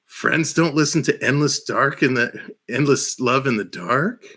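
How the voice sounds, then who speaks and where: Guy on a headset doing a chill live stream, bright voice, keeps laughing and rambling on. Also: mid-range voice, measured pace. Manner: laughs often, rambling and enthusiastic. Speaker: livestream host. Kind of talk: casual live-stream chat. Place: small room at home.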